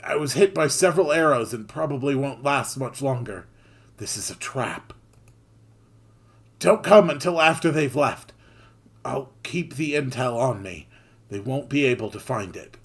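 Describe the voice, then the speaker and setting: A man's voice: mid-range voice, lively intonation, measured pace, vocal fry, breathy edge, heavily acted. A man playing a dying wounded agent. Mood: urgent. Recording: faint music behind.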